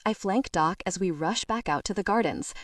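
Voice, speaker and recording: A woman narrating a first-person romance audiobook in an expressive voice. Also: mid-range voice, normal speed, dry recording, clean studio sound, far from the mic.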